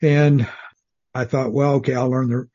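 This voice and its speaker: An older man from South Texas, a retired Army officer as a podcast guest, speaking in a calm, soothing, measured way. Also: mid-range voice, highs cut off. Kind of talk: casual interview.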